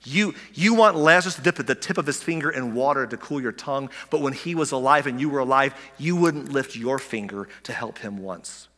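A man preaching a sermon in a church, eager and excitable, often restarting his words and asking the listeners rhetorical questions. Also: medium pitch, a little fast, hardly any pauses. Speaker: pastor. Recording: long hall reverb.

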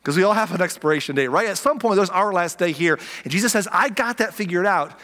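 A man preaching a sermon as pastor, lively and playful, acting out the people he quotes with humor. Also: high voice, fast talker. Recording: long reverb of a large hall.

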